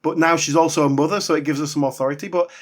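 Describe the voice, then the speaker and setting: A man's voice: fairly high pitch, fairly even intonation, rapid-fire. Chatty, wry man podcasting. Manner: chatty, wry, laughs often. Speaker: podcast co-host. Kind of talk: casual chat about sitcom history.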